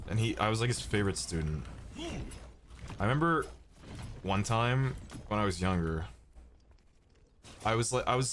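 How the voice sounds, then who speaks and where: A man's voice: low-pitched, a bit bright, slight background noise. A young adult man giving profane, rambling gameplay commentary as a streamer. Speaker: gaming streamer.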